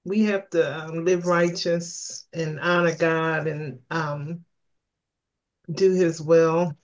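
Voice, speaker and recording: A Bible study participant speaks slowly and hesitantly, pausing with ums between thoughts. The voice sits at a middle pitch. The recording sounds dull and lo-fi. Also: flat delivery. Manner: slow, hesitant, with many ums. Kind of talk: group discussion comment.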